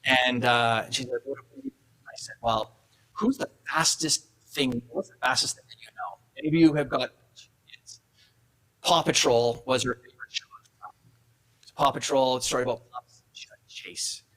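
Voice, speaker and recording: A man's voice: medium pitch, measured pace, sharp tone, low-quality recording. A middle-aged man giving a motivational speech at an awards event, telling a family story and acting out the dialogue. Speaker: keynote speaker. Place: event hall.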